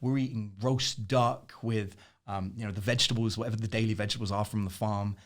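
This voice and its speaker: Man, quick delivery, animated, laughs a lot, interview guest. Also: on the low side. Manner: animated storyteller, laughs often. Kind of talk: casual interview chat.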